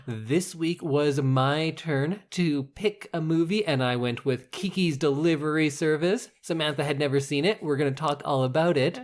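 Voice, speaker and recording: A man's voice: on the high side, normal speed, few pauses. A man hosting a podcast, bantering in a joking, playful way. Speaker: podcast host.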